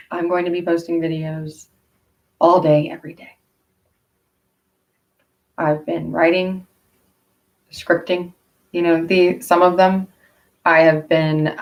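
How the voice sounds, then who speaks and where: A woman's voice: fairly low pitch, recorded from a distance. A woman vlogger, chatting casually on a livestream in a blunt, profane, rambling way.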